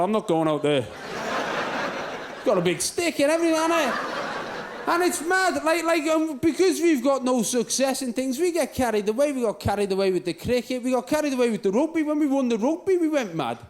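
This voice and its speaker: A man's voice: extremely high pitch, animated, fairly quick, a crowd in the background, background noise. A man from England doing a stand-up comedy set on a club stage, rambling and sweary with mocking asides.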